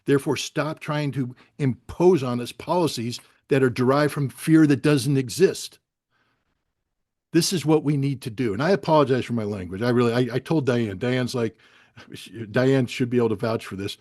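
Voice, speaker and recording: A man on a video call giving an impassioned speech, angry, blunt and profane, at times rising close to a shout. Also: mid-range voice, normal speed, dry recording. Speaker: guest speaker on a video call.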